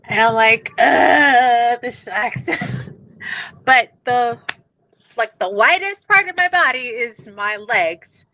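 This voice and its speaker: Slow-talking bright-voiced woman. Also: on the high side, sing-song, dry recording, low-quality recording. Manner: storytelling, laughs often. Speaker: podcast co-host. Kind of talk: casual chat.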